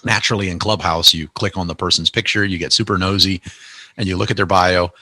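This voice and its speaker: A man's voice: sits low, fairly even intonation, quick pace, bright, forceful tone, no room sound. A man hosting a podcast interview, chatting eagerly and often restarting his words. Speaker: podcast host. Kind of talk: casual interview chat.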